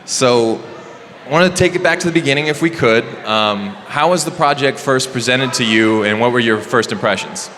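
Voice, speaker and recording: Bright-voiced man moderating a panel. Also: medium pitch, moderate pace. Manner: upbeat, enthusiastic. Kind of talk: hosting a convention panel. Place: large convention hall. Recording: echoey hall with faint background noise.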